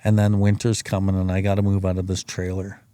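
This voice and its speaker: A man's voice: low voice, completely flat delivery, a little fast, dark tone, clean tone, no echo. A middle-aged man hosting a recovery podcast, telling his story in a rambling, profane, plain-spoken way. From Canada. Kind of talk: casual storytelling.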